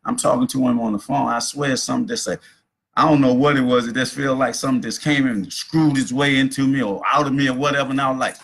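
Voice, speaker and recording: A middle-aged man hosts a casual livestream from his home. He talks in a rambling, preachy way, telling stories as they come to him. His voice is gravelly and husky. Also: medium pitch, fairly even intonation, fast, fairly bright tone. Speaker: host.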